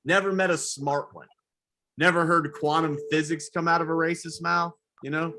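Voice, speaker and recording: Bright-voiced Southern-born male comic. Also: fairly high pitch, steady tone. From American South. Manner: crowd work with drawn-out impressions, profane. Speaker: stand-up comedian. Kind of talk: stand-up comedy set. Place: comedy venue with a live audience.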